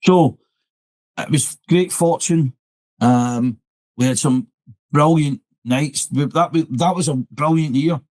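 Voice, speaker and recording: A man's voice: on the high side, slow, darkish tone, no room sound, low-quality recording. A middle-aged man with a Scottish accent, a drummer telling a rambling story in an interview, restarting and repeating "I says" as he goes. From Scotland. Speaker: interview guest, military pipe band drummer. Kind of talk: conversational storytelling.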